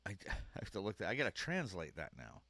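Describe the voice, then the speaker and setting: Stream host, male, low voice, dry close mic, loose rambling chat with frequent chuckles. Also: wildly swooping pitch, fast talker, pushed and bright, no echo. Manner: rambling, chuckles often, trails off mid-sentence. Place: home room with a computer fan. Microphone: dynamic microphone.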